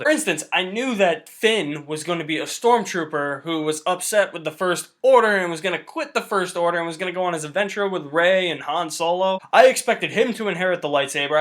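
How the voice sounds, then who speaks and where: A young man giving a casual, excited film review, chatty and swearing loosely. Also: high-pitched. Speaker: movie reviewer.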